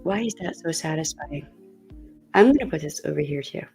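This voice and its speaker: A woman's voice: sits low, expressive, fairly quick, a little mellow, soft background music. A woman vlogger chatting casually while doing her makeup, thinking aloud with fillers and coughing now and then as she gets over a cold. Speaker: beauty vlogger.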